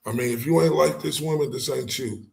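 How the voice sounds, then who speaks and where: A man's voice: medium pitch, fairly quick, gravelly, low-quality recording. A man streaming a trial recap, breaking in with slangy, casual commentary and reactions. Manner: slangy, conversational, reacts aloud.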